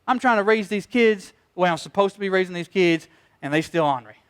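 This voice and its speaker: A middle-aged pastor, preaching a sermon, telling stories and acting out quoted voices in an animated way. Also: male voice, sits high, fast, clean tone.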